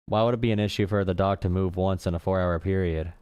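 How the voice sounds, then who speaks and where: A man talks casually to his live-stream audience, blunt and mocking, often repeating his points. His voice is low and smooth, and the recording is dry, with no room sound. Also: steady tone, fast, a little mellow, dry recording. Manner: blunt, sarcastic, repeats himself. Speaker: streamer host.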